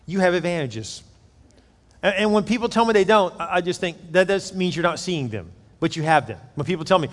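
A man's voice: on the high side, in a large hall. A male pastor from the United States preaching a sermon in a conversational way, acting out the voices he quotes.

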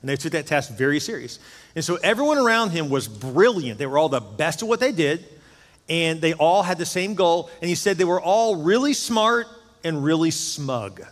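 A pastor in his fifties preaches in a church sanctuary with a high-leaning, very animated voice at a moderate pace. Emphatic and rich in storytelling, his intensity rises and falls under long hall reverb.

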